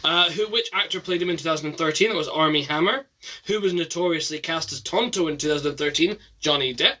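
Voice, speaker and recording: A man runs a relaxed quiz night with friends, reading out answers and cracking jokes. His voice is bright and a little high. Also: fast. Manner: jokey, laughing often. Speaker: quiz host. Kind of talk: casual chat.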